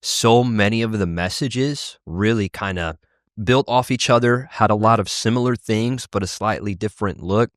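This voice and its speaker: A man co-hosting a casual podcast, easygoing and quick to laugh, restarting his sentences as he talks. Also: on the low side, dry recording, clean studio sound. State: short on sleep. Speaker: podcast co-host. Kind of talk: casual chat.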